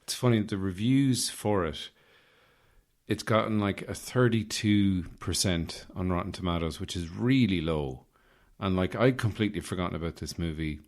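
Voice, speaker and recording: A man hosting a podcast, his voice slightly rough, rambling through an improvised comic monologue with self-mocking asides. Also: low voice, normal speed. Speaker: podcast host.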